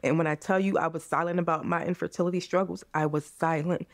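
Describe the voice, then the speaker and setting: A woman's voice: fairly low pitch, steady tone, fast talker, dry recording. A woman in her forties from the United States, a podcast guest speaking earnestly and with passion in a candid interview, often calling listeners "you guys.".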